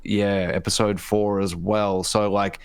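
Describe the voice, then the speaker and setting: A man's voice: lowish voice, level tone, measured pace, clear, resonant tone, no room sound, studio quality. A man co-hosting a casual livestream chat, rambling with many restarts and fillers. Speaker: podcast co-host.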